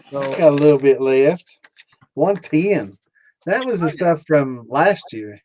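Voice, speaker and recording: A man's voice: on the high side, animated, takes it slowly, a little mellow, a little hiss or hum. A laid-back man chatting on a podcast, dropping short agreeing interjections. His sound is dull and lo-fi. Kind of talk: casual chat.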